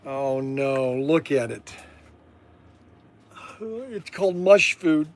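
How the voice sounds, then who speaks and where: A middle-aged man hosting a casual live-stream food tasting, playful and quick to laugh and exclaim. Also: a little high, animated. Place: his shop.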